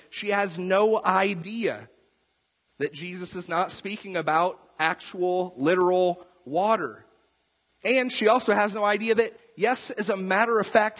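A man's voice: high voice, measured pace, a bit bright. A man preaching a sermon in a conversational way, peppering his points with rhetorical questions and tag questions. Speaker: pastor. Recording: long reverb of a large hall.

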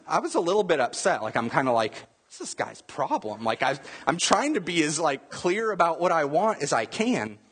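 A middle-aged pastor preaches by telling stories in a conversational style loaded with fillers. His voice is medium in pitch, fairly bright, with a breathy edge.

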